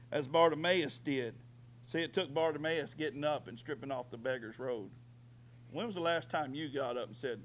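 A middle-aged man preaching a fervent sermon, swinging from quiet stretches to shouting. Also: fairly high pitch. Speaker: pastor.

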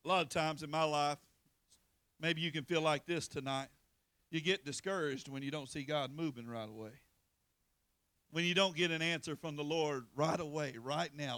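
A man preaching a sermon, pleading and impassioned, with sudden loud swells. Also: fairly high pitch, moderate pace, no echo.

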